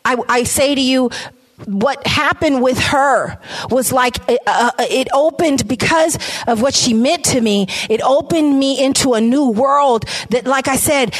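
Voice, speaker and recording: A middle-aged woman giving an impassioned faith testimony to an audience, often repeating phrases for emphasis. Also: sits high. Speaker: ministry founder speaking to an audience. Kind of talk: testimony talk.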